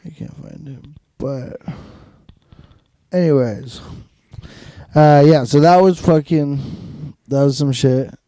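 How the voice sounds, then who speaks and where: A man's voice: on the high side, slow, warm tone, no room sound, studio quality. Rambling, profane podcast co-host man. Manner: rambling, profane, laughs often. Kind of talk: casual chat.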